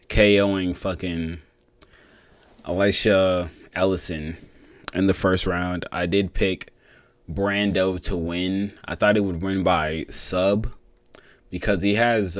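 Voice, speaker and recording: A young man with a low voice talks through fight results in a loose, unscripted way. He swears a lot, trails off and restarts his sentences. The sound is dry and close, with no room echo. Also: steady tone, slow. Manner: rambling, profane, many fillers and restarts. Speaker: MMA commentator giving fight reactions. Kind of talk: casual solo commentary.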